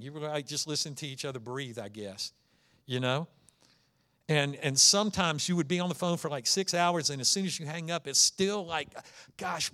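This pastor's voice is a little high and a bit bright. He delivers a conversational sermon, telling stories and stressing key words with dynamic emphasis.

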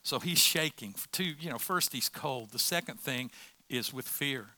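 A man's voice: mid-range voice, moderate pace, pushed and bright, no echo. A man preaching a sermon as pastor, conversational, with rhetorical questions.

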